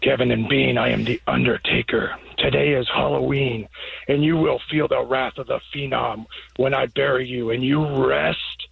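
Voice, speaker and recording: A radio caller, a man growling a wrestler impression. His voice is very raspy and gravelly, and it comes through on a muffled line. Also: mid-range voice, fairly even intonation, normal speed, no room sound.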